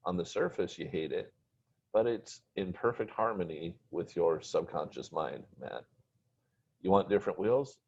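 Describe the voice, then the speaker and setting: A man's voice: low voice, lively intonation, normal speed, creaky, a little mellow, husky, exaggerated voice. Man reading as a patient, preachy father. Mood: calm. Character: calm, lecturing wealthy father. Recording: dull lo-fi recording.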